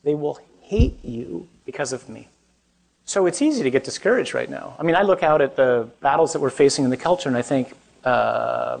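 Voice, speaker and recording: A man's voice: medium pitch, animated, normal speed, creaky, a little hiss or hum. A man preaching as a parish priest, conversational and joking, often putting questions to his young listeners. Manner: conversational, self-deprecating, asks the audience questions. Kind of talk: humorous preaching to a young audience.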